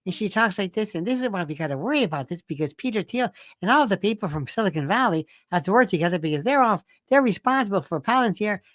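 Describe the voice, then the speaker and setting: A man's voice: high voice, animated, fast, few pauses, fairly bright tone, dry recording, studio quality. A middle-aged man hosting a talk show, ranting about politics with emphatic, repetitive and sarcastic delivery.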